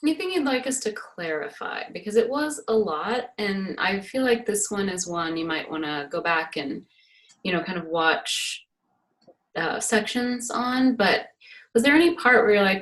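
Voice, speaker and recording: Casting note: woman co-facilitator, mid-pitched voice, soft and encouraging, casual. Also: animated, normal speed, roomy sound. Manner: gentle, encouraging prompting. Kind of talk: casual teaching on a group call.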